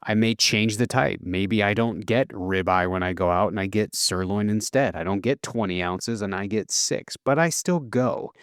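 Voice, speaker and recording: A man's voice: fairly low pitch, normal speed, few pauses, clean tone, no room sound, clean studio sound. A man in his thirties, a nutrition coach, talking reflectively on a podcast with many restarts and fillers. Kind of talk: casual podcast chat.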